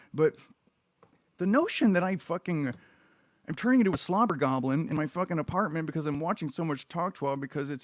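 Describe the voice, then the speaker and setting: A man's voice: on the high side, no echo. A man streaming a reaction, ranting in an exasperated, sarcastic, profane way about what he watches.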